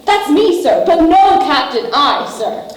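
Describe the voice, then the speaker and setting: A young woman playing a sly, cheeky pirate sidekick with a bright, high voice that bounces around. She speaks at an unhurried pace. The sound is very roomy, with faint noise of a hall behind. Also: very animated, exaggerated voice. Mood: gleeful. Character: sly male pirate henchman, cheeky and jokey. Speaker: student actor. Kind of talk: stage play performance. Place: school stage in a hall. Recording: echoey school hall.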